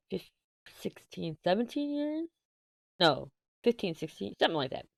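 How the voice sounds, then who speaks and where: A woman's voice: medium pitch, very animated, unhurried, gravelly, no room sound, clean studio sound. A woman, casually chatting as a crafting channel host and rambling through a story, correcting herself as she goes. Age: 30s. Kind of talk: casual chat while diamond painting.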